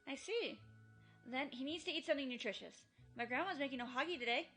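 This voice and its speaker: Bold teen girl, woman doing it, bright and earnest. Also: sits high, quick pace, faint music behind. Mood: cheerful. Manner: earnest, rousing. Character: teenage girl, bold, warm-hearted club leader. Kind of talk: visual novel fan dub.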